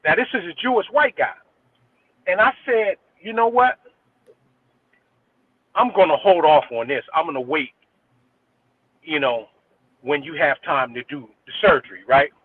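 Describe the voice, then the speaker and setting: A man's voice: on the high side, unhurried, long pauses. A middle-aged man, a guest DJ, telling a personal story in an earnest, rambling way with frequent restarts. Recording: tinny phone line with faint noise.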